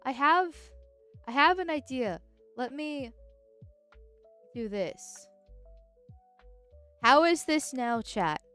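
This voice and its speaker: Woman streamer, stuffy nose, blunt and direct, smooth voice, a touch high. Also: lively intonation, takes it slowly, long pauses, a bit bright, soft background music. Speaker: live streamer. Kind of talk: casual live-stream chat.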